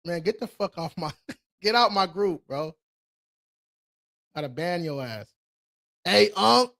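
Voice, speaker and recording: On a laid-back live-stream Q&A about credit, a male credit repair host speaks in a fairly bright, expressive voice on the high side, swearing and laughing frequently in slangy talk while rallying his viewers with quick calls.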